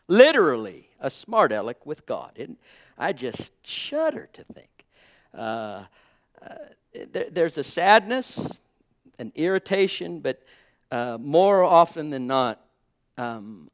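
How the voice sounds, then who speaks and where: A man preaching a sermon with fervent calls that drop to quiet, halting reflection. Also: a little high. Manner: fervent, swings between loud exclamations and quiet reflection; halting, with frequent uh and um.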